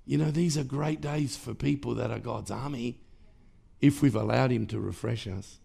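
A man's voice: mid-range voice, moderate pace, vocal fry, dark tone, breathy edge. A man preaching a sermon as pastor, emphatic and rhythmic, with repeated phrases and sudden rises in volume. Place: church.

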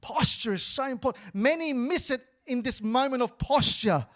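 A man's voice: very high voice, animated, normal speed, a bit bright. A male pastor preaching a sermon, repeating words and calling for responses from the church.

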